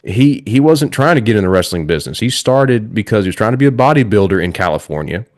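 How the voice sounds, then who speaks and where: A man's voice: on the low side, big pitch swings, quick pace, no room sound, clean studio sound. A man hosting a podcast, sarcastically reviewing wrestling in casual chat and laughing often. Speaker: podcast host.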